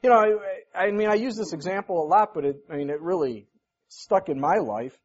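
Folksy pastor preaching, dull lo-fi sound. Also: male voice, high voice, expressive, a little fast, husky. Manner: folksy, anecdotal, acts out quoted voices. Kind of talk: conversational sermon. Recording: dull lo-fi recording.

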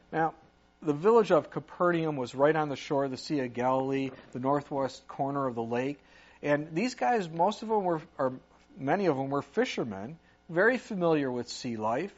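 Higher-voiced male pastor, dull lo-fi sound. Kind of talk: sermon.

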